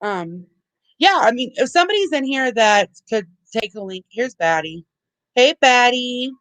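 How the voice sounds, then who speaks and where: A woman's voice: fairly high pitch, lively intonation, unhurried, fairly bright tone, dry recording, rough recording. A woman hosting a livestream, ranting heatedly with lots of swearing and repeated restarts. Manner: heated, profane, repeats herself. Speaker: livestream host. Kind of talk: angry livestream rant.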